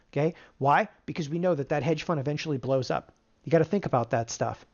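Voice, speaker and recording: A middle-aged options trading instructor teaching a live webinar, energetic and firing rhetorical questions at the audience. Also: mid-range voice, fast talker. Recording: dull lo-fi webinar audio.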